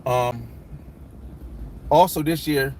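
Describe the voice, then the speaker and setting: A man's voice: mid-range voice, extremely slow, a little mellow. Rambling man chatting over street noise. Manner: rambling, many restarts and fillers. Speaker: vlogger hosting a live chat. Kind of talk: casual livestream chat.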